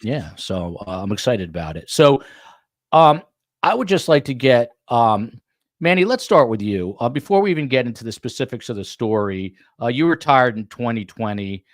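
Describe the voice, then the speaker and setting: A man's voice: mid-range voice, sing-song, normal speed, no echo, studio quality. A man hosting a true crime podcast, with a New York accent, chatting loosely with guests and full of fillers. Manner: loose, rambling, many fillers. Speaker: podcast host. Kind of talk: casual interview chat.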